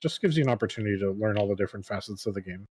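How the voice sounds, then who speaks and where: A man's voice: lowish voice, expressive, racing, a little mellow, slightly rough, no room sound. A man co-hosting a game livestream, chatting casually with viewers in an easygoing way. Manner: easygoing, laughs often. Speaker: stream co-host. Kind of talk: casual livestream chat, reading chat aloud.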